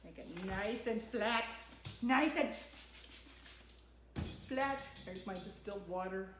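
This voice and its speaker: A woman's voice: medium pitch, takes it slowly, roomy sound, slight background noise. A woman hosting a casual sewing tutorial at home, chatting to her dog as she works. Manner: chatty, talks to her dog while working. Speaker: sewing channel host.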